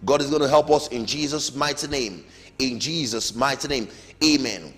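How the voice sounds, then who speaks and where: A man's voice: mid-range voice, normal speed, a bit bright. A middle-aged man teaching a Sunday school Bible lesson, emphatic, with rising calls and falling amens. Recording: long hall reverb, faint music.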